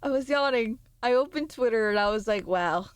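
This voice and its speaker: Brief: young-sounding woman streamer, high-pitched, sleepy and rambly, dry close mic. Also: lively intonation, a little fast, smooth, no echo. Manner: playful, rambling, sudden squeals and mock voices. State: sleepy, yawning. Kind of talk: casual chat with stream viewers.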